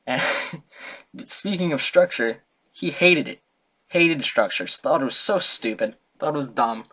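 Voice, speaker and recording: A man's voice: medium pitch, animated, unhurried, bright, forceful tone, husky. A young man giving a casual, comic student talk, rambling, joking and correcting himself as he goes. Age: young adult. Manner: rambling, jokey, self-correcting. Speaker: student presenter.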